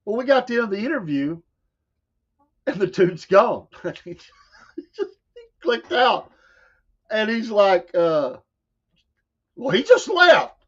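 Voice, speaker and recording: Southern male co-host, high voice, casual storyteller who keeps laughing and acts out quotes, lo-fi sound. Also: expressive, unhurried, pauses often. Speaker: show co-host. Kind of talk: casual chat. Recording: dull lo-fi sound.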